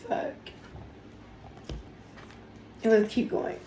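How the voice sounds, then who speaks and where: A woman's voice: medium pitch, steady tone, moderate pace, vocal fry, roomy sound, noisy background. A woman giving a casual tarot reading on her channel, talking in an emotional, chatty way with lots of fillers, teary as she goes. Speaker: tarot reader.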